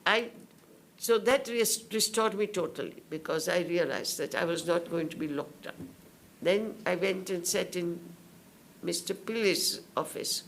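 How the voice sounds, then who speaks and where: An older woman from India giving spoken testimony at a public hearing, telling her story slowly and in detail and acting out what others said. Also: lowish voice, vocal fry, slight background noise. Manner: slow, detailed storytelling that acts out others' words.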